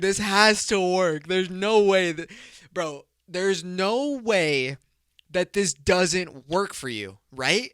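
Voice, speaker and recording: A man's voice: sits high, expressive, takes it slowly, a bit bright, clear, resonant tone, no room sound, clean studio sound. A man hosting a comedic solo podcast, telling a rambling, profane story and laughing at his own jokes. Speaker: podcast host.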